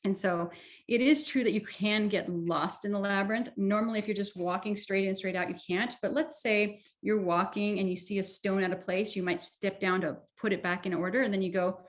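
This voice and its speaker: A woman, a guest coach, casually retelling a story in a rambling way, correcting herself and filling pauses as she goes. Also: medium pitch, fairly even intonation. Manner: rambling, loose retelling with self-corrections and fillers. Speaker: guest, holistic lifestyle coach.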